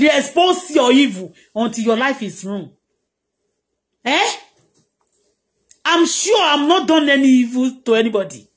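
A middle-aged Nigerian woman vlogger, delivering a heated, preachy live-streamed rant that scolds her critics. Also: high-pitched.

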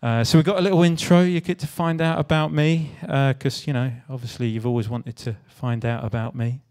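A man's voice: mid-range voice, steady tone, a little fast, darkish tone. A young English man from the West Country giving a casual talk to a live audience, joking and swearing as he banters with the crowd. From West Country, England. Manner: self-deprecating, sweary, jokey banter with the audience. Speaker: speaker at a creative talk. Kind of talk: casual stand-up style talk. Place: live event venue with audience.

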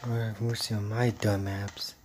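A man playing a horror game, muttering jittery, exasperated commentary with hushed asides. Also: on the low side, level tone, normal speed, a little hiss or hum. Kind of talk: let's-play commentary.

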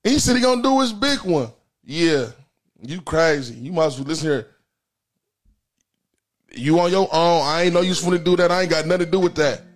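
A man hosting a crude call-in comedy livestream, loud and brash, teasing callers in a sing-song way. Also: a little high, a little fast, long pauses. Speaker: livestream comedy host taking calls.

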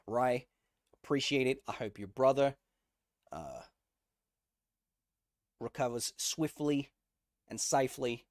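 A man's voice: mid-range voice, lively intonation, normal speed, pauses often, a little mellow, no echo, studio quality. Chatty male livestream science host. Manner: conversational, checks in with viewers often; reads and answers chat messages. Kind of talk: casual livestream science explainer.

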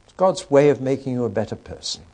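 A man quoting a gentle, pious old sage. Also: mid-range voice, lively intonation, fast, natural voice. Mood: gently pleading. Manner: gently pleading, sure of himself.

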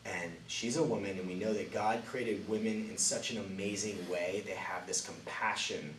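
A man retelling a Bible story for children in a lively way, swinging from bright and loud to soft and hushed. His low voice is picked up from a distance and echoes around a roomy space over faint background noise. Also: moderate pace. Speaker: children's ministry teacher. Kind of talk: Bible story lesson for kids.

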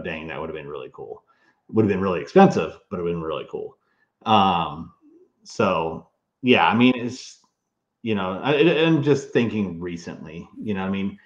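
Low voiced guy rambling about his research, lots of ums, echoey muffled audio. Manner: rambling, many fillers and restarts. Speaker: toy historian and author, guest. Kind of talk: casual interview talk.

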